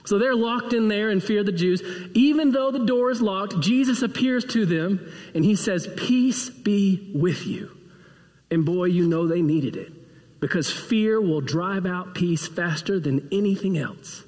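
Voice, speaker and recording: Pastor guy preaching, high lively voice, long echo like a big church. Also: normal speed. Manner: storytelling, acts out voices of figures. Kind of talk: sermon. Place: church sanctuary. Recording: long hall reverb.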